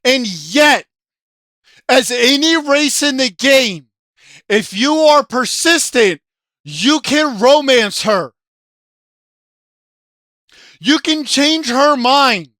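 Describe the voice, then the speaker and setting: A video game commentator in an angry, profane rant, yelling often, with a throat sore from shouting. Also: high voice, lively intonation, extremely slow, pauses often, no room sound, clean studio sound.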